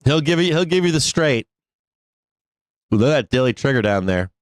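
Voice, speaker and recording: Hosting a live trading stream, a middle-aged man goes on a blunt, sarcastic, swear-heavy rant. The delivery is sing-song and a little fast at medium pitch, with a clean tone and no room sound.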